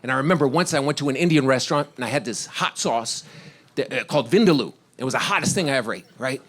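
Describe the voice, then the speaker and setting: In an animated stand-up set, a middle-aged Washington, D.C. man wanders from story to story, chuckling at his own material. His medium-pitched voice is fairly bright and moves at a quick clip.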